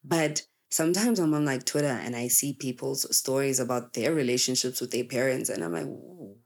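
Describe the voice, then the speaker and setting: A woman's voice: very deep voice, fairly even intonation, fairly quick, darkish tone. A woman in her twenties, a content creator, talking candidly and emphatically to her audience in casual chat. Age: 20s. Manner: candid and emphatic, acts out quoted people.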